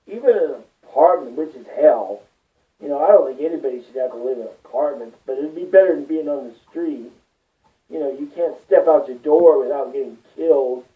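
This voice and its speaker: A man rambling through a personal monologue, swearing often and getting worked up as he talks. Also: on the high side. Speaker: vlogger. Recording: distant tinny phone-like sound.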